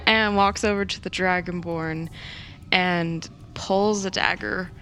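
Woman tabletop player, soft and hesitant, very slow and bright. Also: fairly low pitch, steady tone, smooth. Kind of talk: casual tabletop play.

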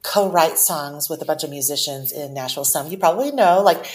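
A woman in her forties, born in Taiwan and raised in the US, speaking earnestly as a podcast guest and reading her own writing aloud slowly. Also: low voice. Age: 40s. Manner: reflective, earnest, slows down when reading. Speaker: author guest.

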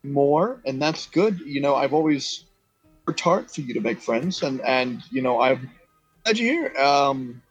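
A man's voice: fairly high pitch, very animated, slightly rough, soft background music, full character voice, low-quality recording. A man voicing a proud, doting middle-aged mother who gushes and halts with many fillers. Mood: proud, happy. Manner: gushing, halting with many fillers.

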